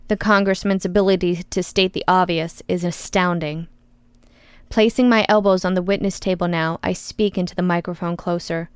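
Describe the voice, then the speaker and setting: Smooth, wry woman narrating an audiobook. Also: lowish voice, fairly even intonation, normal speed, dry recording. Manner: wry, sarcastic. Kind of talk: first-person audiobook narration.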